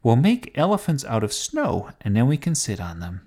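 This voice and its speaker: A man's voice: medium pitch, wildly swooping pitch, normal speed, darkish tone, slightly rough, pitched above the performer's own voice. A man voicing an imperious, fussy queen in a children's story, speaking in a lofty, commanding way.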